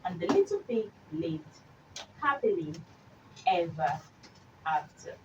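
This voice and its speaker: A woman hosting a children's radio show, reading stories aloud in an expressive, slow, animated way. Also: lowish voice, muffled recording. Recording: distant mic with faint hiss.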